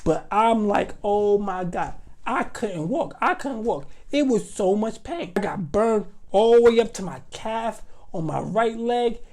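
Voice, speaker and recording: A man telling a comic childhood story as a vlogger, animated and dramatic, with slang and sudden outbursts. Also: high-pitched, a little slow.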